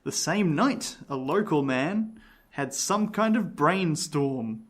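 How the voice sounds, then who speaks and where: Brief: man, fairly high voice, reads aloud and chats easily as a podcast host. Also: lively intonation, slow pace, fairly bright tone. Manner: reads aloud from a book, chatty and laughing. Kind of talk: casual chat and reading aloud.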